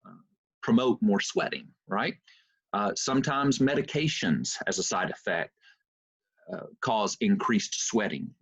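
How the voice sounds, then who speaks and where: Husky lecturer with a lively voice. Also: male voice, mid-range voice, dry recording. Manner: animated, conversational, many fillers. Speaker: university lecturer. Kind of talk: storytelling lecture. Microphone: computer mic on video call. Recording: muffled Zoom audio.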